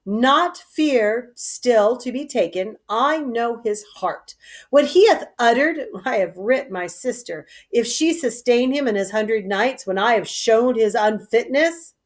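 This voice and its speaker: A woman's voice: a little high, lively intonation, slow pace. A woman reading aloud as a scheming royal daughter, giving clipped orders. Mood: cold. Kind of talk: solo reading of a play.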